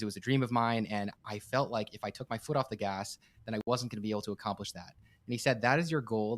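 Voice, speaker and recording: A man's voice: fairly low pitch, a bit bright. A man, a rabbi and guest on a podcast, telling a heartfelt story earnestly and emphatically, often repeating and restarting his words. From United States.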